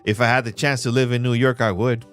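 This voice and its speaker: A man streaming live, talking through trading charts in a relaxed, slang-heavy voice of ordinary pitch. He keeps calling his viewers bro and pushes his points hard. Soft music plays quietly behind him. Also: fast talker. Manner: emphatic, hype-driven pitch to viewers. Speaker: livestream trading host. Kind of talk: live chart walkthrough and chat shout-outs.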